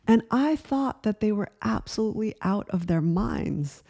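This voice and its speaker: A woman in her forties speaks in a gentle, earnest way, the way a spiritual teacher talks to viewers, and often puts questions to the listener. Her voice is mellow and warm, with a soft, breathy edge. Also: mid-range voice, expressive, moderate pace, few pauses. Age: 40s. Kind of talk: reflective spiritual talk to camera.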